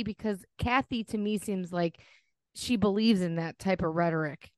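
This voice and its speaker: A woman's voice: medium pitch, normal speed, no echo. A woman co-hosting a podcast, chatting casually and indignantly about a reality show, outspoken and swearing. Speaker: podcast co-host.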